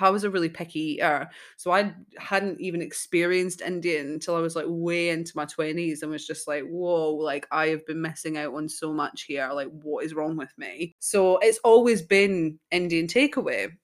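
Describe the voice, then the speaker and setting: A woman's voice: fairly low pitch, a bit bright. A woman, chatting casually as a podcast host and telling stories with frequent giggles. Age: 20s.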